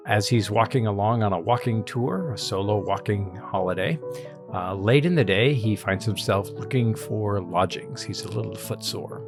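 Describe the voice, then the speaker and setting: A man hosting a casual podcast chat, relaxed and chuckling often. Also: lowish voice. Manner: relaxed, chuckling, reads tasting notes. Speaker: podcast host.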